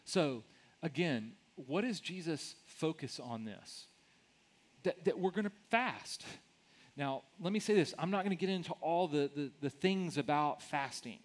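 A man's voice: on the high side, lively intonation, measured pace. Conversational male pastor preaching. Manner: conversational, repeats words when starting sentences. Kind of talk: sermon.

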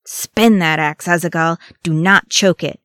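A woman voicing a gruff old male dwarf drill master in an audiobook reading, sharp and scolding in manner. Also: low-pitched, lively intonation, fairly quick, no echo, clean studio sound. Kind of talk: audiobook character voice.

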